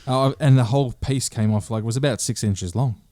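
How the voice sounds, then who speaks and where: A man's voice: mid-range voice, dark tone, dry recording. A man co-hosting a podcast, telling anecdotes and joking with an easy laugh. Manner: joking, storytelling, quick to laugh. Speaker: podcast co-host. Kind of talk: casual podcast chat.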